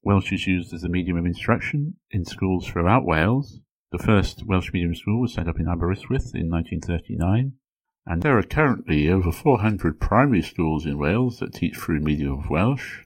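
A man hosting an educational podcast, reading a scripted explanation in a measured way and slowing down to pronounce example phrases. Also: low-pitched, lively intonation, slightly rough. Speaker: podcast host.

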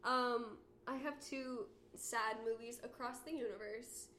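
A nineteen-year-old woman co-hosting a podcast in casual, giggly chat with quick asides. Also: on the high side, steady tone, bright, forceful tone, slight background noise. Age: teens. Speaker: podcast co-host.

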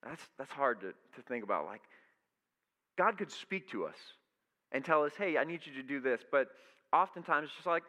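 A man's voice: fairly high pitch, animated, fairly quick, sharp tone. A young adult man preaching a conversational sermon to his church, telling stories and acting out what people think and say. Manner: casual storytelling, acts out quoted thoughts. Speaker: pastor. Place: church sanctuary. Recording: echoey hall reverb.

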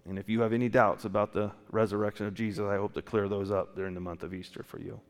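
Low-voiced male pastor in a reverberant hall. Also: little pitch movement, fast talker. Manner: asks many rhetorical questions, with restarts. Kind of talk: sermon. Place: church.

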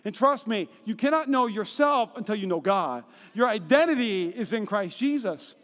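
Speaking at a normal pace, a pastor whose voice is strikingly high gives an energetic sermon in a church auditorium. His storytelling is animated, with quotes performed in high-pitched character voices, and each phrase fades into long reverb.

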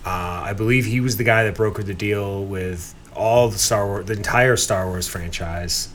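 A man's voice: on the low side, normal speed, fairly bright tone, a little hiss or hum. A man co-hosting a casual podcast chat, sardonic and blunt, swearing freely. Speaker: podcast co-host.

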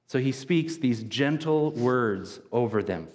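A man's voice: medium pitch, animated, slow, darkish tone. A man in his thirties preaching a sermon in a conversational, casual way, often repeating words as he goes. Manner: conversational, casual wording, frequent word repeats. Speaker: pastor. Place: church sanctuary. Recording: long reverb of a church hall.

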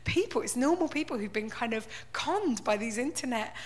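A woman's voice: a little high, expressive, moderate pace. A woman giving a wry, conversational stand-up style talk full of "like" and "right?". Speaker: comedian.

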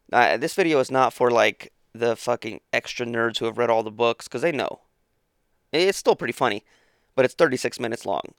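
Rambling, profane man with a gravelly voice. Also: medium pitch, dry recording, studio quality. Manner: rambling, profane, self-interrupting. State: sleepy, yawning. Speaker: podcast host. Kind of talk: casual solo podcast monologue.

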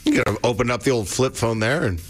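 A man's voice: medium pitch, lively intonation, fast, soft background music. A man co-hosting a morning radio show, chiming in with dry wisecracking asides. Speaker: radio co-host. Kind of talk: casual radio banter.

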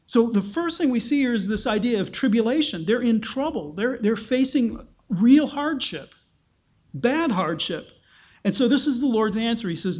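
A man preaching an expository sermon in an animated way, acting out the quotes he tells. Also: normal speed. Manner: animated, acts out quotes with rising pitch. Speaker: pastor.

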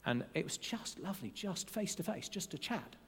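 An earnest male pastor delivers a sermon during a church service. His voice sits slightly high and moves expressively across a wide range, slowing down to stress key phrases. The sound rings with the long reverb of a large church hall. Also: breathy edge. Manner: expressive, warmly earnest preaching with slowed emphatic phrases.

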